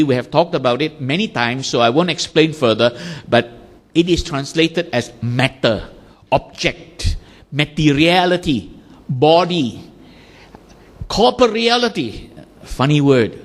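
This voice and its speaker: A man's voice: on the high side, measured pace, long reverb tail. A man teaching a Buddhist class, explaining ideas through everyday examples with little acted-out quotes. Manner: acts out little everyday scenes in lively quoted voices.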